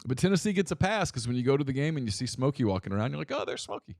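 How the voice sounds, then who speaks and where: A man co-hosting a casual sports podcast, telling stories with animated quoted voices. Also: medium pitch, very fast, no room sound, clean studio sound. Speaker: podcast co-host.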